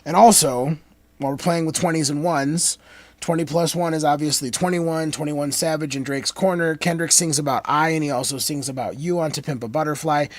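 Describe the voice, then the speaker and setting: Man, slightly high voice, talky lyric breakdown, punchy emphasis with dropped asides, very dry close mic. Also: brisk, dry recording. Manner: animated, digressive, swings between emphatic and low asides. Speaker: commentator breaking down rap lyrics. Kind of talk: casual lyric analysis monologue.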